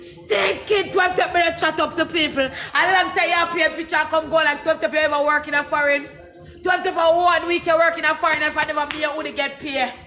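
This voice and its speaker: A Jamaican man with a high, bright voice rants loudly in thick patois. He shouts and curses in a heated outburst, with faint music playing behind him. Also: steady tone, a little fast. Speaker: social media personality. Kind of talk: angry profane rant.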